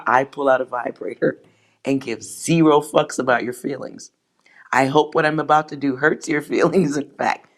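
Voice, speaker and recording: A woman hosting a tarot livestream, chatting with viewers in brash, profane, joking rants. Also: low-pitched. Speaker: tarot reader and livestream host. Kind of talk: casual livestream chat with viewers.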